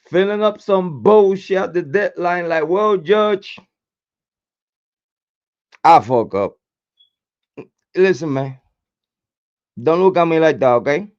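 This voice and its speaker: A hoarse man hosting a true crime livestream, cursing freely and hyping his chat with repeated chants, speaking into a desk mic. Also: a little high, a little mellow, highs cut off. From Puerto Rico. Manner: profane, repetitive hype chants. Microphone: desk microphone, camera off.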